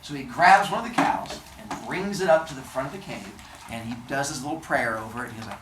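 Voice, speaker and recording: A woman telling a myth to children in a lively, playful way, adding sound effects. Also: a bass voice, fairly quick. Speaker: storyteller. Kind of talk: animated storytelling for children. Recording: roomy, distant mic, faint noise.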